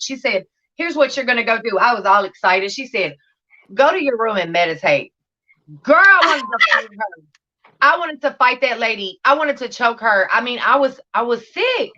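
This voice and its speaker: A woman's voice: a little high, animated, brisk, bright, forceful tone, muffled recording. A woman telling her recovery story in a livestream interview, blunt and profane, acting out scenes as she talks. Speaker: guest sharing recovery story.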